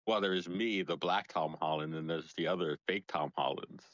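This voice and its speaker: Here a man plays a brash, boastful stand-in for a celebrity in an improvised comedy bit, with a very deep voice. The recording is dry and a bit dull. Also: moderate pace, fairly bright tone, no echo. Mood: joking.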